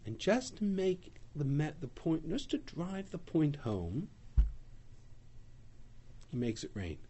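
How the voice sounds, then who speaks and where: A man teaching a Bible class, retelling the story with animated storytelling and acting out the quotes. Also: fairly high pitch, slow, a little hiss or hum. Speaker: Torah teacher.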